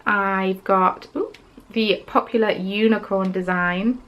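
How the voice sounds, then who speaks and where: A young woman hosts a craft podcast in casual show-and-tell mode, chatty and gushing about each piece. Her mid-pitched voice carries a steady gravelly fry, and she fills the gaps with relaxed ums. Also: a little slow, rough recording.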